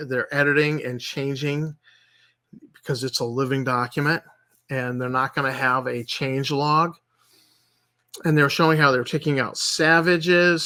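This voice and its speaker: A man's voice: medium pitch, sharp tone. A man hosting his channel, ranting in sarcastic, exasperated commentary and hammering points home by repeating them. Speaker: channel host.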